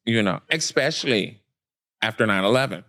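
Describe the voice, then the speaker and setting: A man's voice: lowish voice, lively intonation, moderate pace, sharp tone. A man speaking as a guest in a casual podcast discussion, blunt and emphatic, thinking aloud with frequent restarts.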